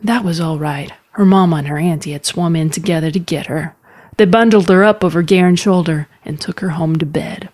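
A woman narrating a fantasy story in a calm, measured storytelling manner. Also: lowish voice.

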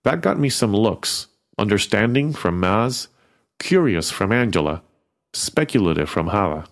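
A man reading first-person fiction in a wry, expressive storytelling manner. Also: on the low side, unhurried. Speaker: narrator.

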